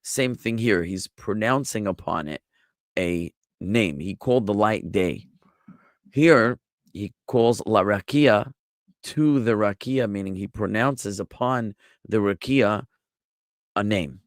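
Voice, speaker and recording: American man, rabbi, very low voice, dry close sound, patient explaining, online bible lesson. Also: unhurried, dry recording. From United States. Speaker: rabbi teaching a Bible class. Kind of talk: live online Bible lesson answering chat.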